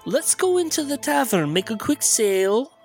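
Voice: medium pitch, big pitch swings, normal speed, faint music behind, pitched above the performer's own voice. A game master voicing a pushy traveling wine merchant with upbeat sales patter. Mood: salesy.

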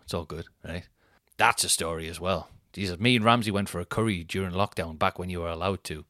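A man in his thirties, a comedian hosting a podcast, telling a rambling, sweary, animated anecdote. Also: deep voice, fast, dry recording, clean studio sound. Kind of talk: casual storytelling.

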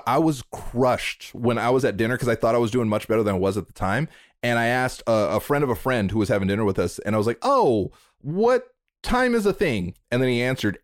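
A man hosting a podcast in casual interview chat, lively and acting out remembered dialogue with sudden jumps in pitch. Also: a little fast, no echo, studio quality. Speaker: podcast host.

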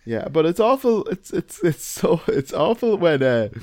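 A podcast co-host with a fairly high, sing-song, slightly mellow voice chats casually and animatedly at normal speed, swearing and acting out scenes. The recording is clean studio sound with no room echo.

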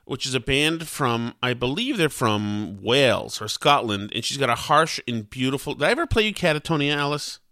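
A man's voice: medium pitch, normal speed, few pauses, no echo, clean studio sound. A man co-hosting a radio show who chats casually and jokes with enthusiasm. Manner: animated, enthusiastic, joking. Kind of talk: casual chat.

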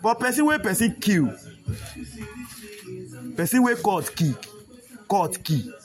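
Nigerian guy ranting emotional on the street, high voice, loud music behind him. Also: lively intonation, slow pace. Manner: emotional, pleading, repetitive. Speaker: street speaker. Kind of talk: impassioned street talk.

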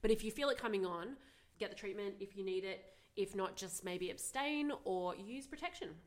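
A woman's voice: mid-range voice, normal speed. A woman, co-hosting a casual, frank chat and giving practical advice with wry humor. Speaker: podcast co-host.

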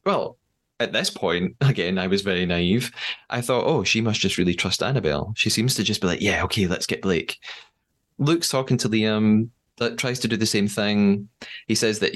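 A man with an English accent hosting a podcast, animatedly retelling events and acting out quotes. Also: lowish voice. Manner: animated storytelling, acts out quotes. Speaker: podcast host. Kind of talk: casual recap chat.

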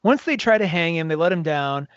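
A man co-hosting a casual podcast chat, animated, often acting out scenes in quoted voices. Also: a little high, fairly quick, smooth, no room sound, dull audio. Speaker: podcast co-host.

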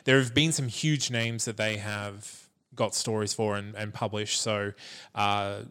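A man's voice: on the low side, fairly even intonation, unhurried, a bit bright, smooth. A man co-hosting a podcast in casual chat, easygoing and rambling with fillers and restarts. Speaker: podcast co-host.

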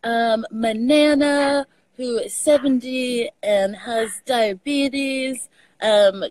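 A young woman with a Texan accent, chatting as a podcast guest, animated, laughing often and swearing casually. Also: fairly high pitch, extremely slow, no echo, low-quality recording. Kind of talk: casual conversation.

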